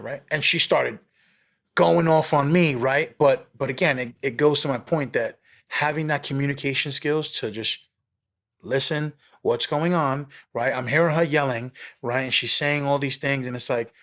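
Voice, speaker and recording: New York cop telling a street story. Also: male voice, medium pitch, normal speed. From New York City. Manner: animated, streetwise, swears casually, acts out both sides of a story. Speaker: police officer guest. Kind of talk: casual storytelling.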